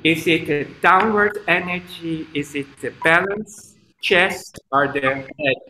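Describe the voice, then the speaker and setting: A man teaching a live online kids' yoga class over a video call, speaking in a slow, halting way with stops and restarts. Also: on the high side, sharp tone. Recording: echoey room, faint background noise.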